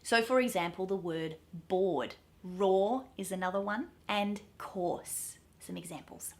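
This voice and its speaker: A woman's voice: mid-range voice, unhurried. Australian woman coaching pronunciation. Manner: upbeat, explaining carefully, stretching out example words. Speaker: accent coach. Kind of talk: pronunciation lesson to camera.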